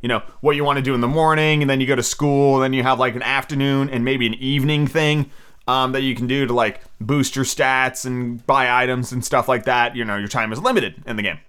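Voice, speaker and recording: A man reading a storybook aloud on his podcast and then chatting casually, excitable and swearing freely. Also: mid-range voice, a little fast, smooth. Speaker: podcast host and reader.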